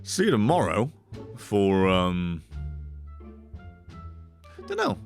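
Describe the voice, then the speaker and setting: A man's voice: deep voice, very slow, creaky, faint music behind. A man signing off a live stream, rambling, swearing a lot and getting worked up at chat. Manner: profane, excitable, rambling. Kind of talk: casual stream sign-off chat.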